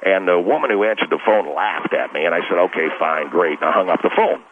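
A man doing a rambling, defensive Texas softball coach with a low, rumbling voice. He talks in long, self-correcting runs. The line is tinny like a telephone, with a faint hiss behind it. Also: fast, close to an everyday voice. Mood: blustering. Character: blustery, long-winded middle-aged male girls' softball coach. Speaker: caller. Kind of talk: radio comedy call-in bit.

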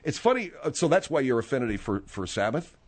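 A man's voice: mid-range voice, very animated, fast, slightly rough. A man hosting a radio comedy talk show, incredulous and needling as he questions his guests.

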